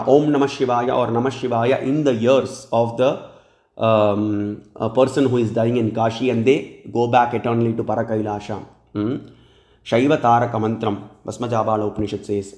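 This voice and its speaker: Male religious lecturer, mid-pitched, teaching verse by verse in a reverberant room. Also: darkish tone. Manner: explains verses, often checks in with "hmm?"; recites Sanskrit verses then translates. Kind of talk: scripture lecture.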